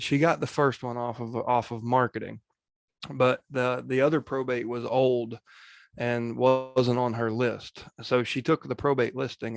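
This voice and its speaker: A man speaking as a guest coach on a video call, in steady, matter-of-fact coaching talk. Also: mid-range voice, vocal fry, no echo. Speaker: guest real estate coach.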